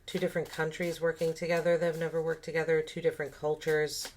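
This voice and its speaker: Low-voiced lady reading tarot cards, thinking out loud, bit of faint hiss behind. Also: monotone, quick pace, hardly any pauses. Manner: musing, thinking aloud with many fillers and restarts. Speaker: tarot reader. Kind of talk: casual spoken tarot reading.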